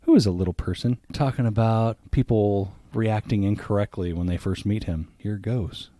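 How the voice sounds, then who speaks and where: A man's voice: lowish voice, normal speed, mellow, no echo. A man hosting a podcast in casual chat, swearing freely and rambling through asides. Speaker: podcast host.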